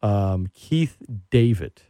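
Dude hosting a chat show, gets all fired up telling stories, super dry close mic. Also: male voice, fairly low pitch, very slow, smooth, dry recording. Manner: animated, excitable storyteller. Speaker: podcast host. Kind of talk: casual chat.

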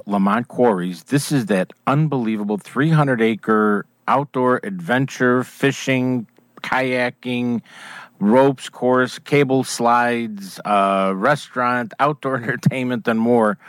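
A man's voice: mid-range voice, slow, no echo. An older man hosting an outdoors radio show, chatting with a guest, enthusiastic and rambling with fillers and restarts. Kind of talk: casual radio chat.

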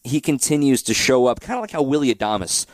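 A man hosting a sports talk radio show, talking through a baseball game in a steady, direct way. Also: mid-range voice, brisk, no room sound. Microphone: studio microphone.

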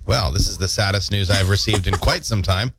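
A man's voice: low-pitched, fairly quick, noisy background. A man hosting a morning radio show with playful, jokey banter from a studio mic. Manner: playful, jokey, self-mocking. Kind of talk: casual on-air banter. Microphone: studio microphone.

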